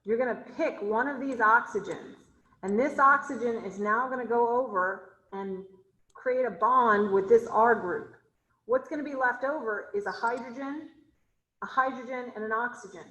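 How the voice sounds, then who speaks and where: A woman's voice: a little high, normal speed, pushed and bright, echoey room, low-quality recording. A woman chemistry instructor teaching an online class, asking her students question after question and thinking aloud as she draws. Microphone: video call.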